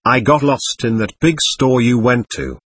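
A man's voice: medium pitch, measured pace, breathy edge, no echo. A man voicing the petulant, defiant spirit of a young girl in an audiobook reading of a seance record. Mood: defiant, sulking. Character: angry spirit of a young girl, willful and stamping.

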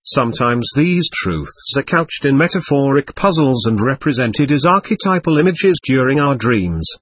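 A man narrating an audiobook in a measured, even reading style. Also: medium pitch, breathy edge, dry recording. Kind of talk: scripted narration.

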